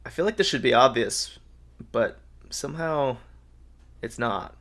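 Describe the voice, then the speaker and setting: A man's voice: medium pitch, animated, a little slow, fairly bright tone. A man hosting a live crossword stream, thinking aloud in an upbeat way and reading out viewers' answers. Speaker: host of a live crossword solve. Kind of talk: live-stream puzzle solving, chatting with viewers.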